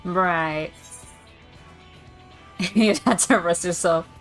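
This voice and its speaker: A woman's voice: fairly low pitch, slow pace, soft background music. Chatty woman playing a video game. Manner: chatty, reacting and joking as she plays. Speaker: streamer. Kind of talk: casual let's-play commentary.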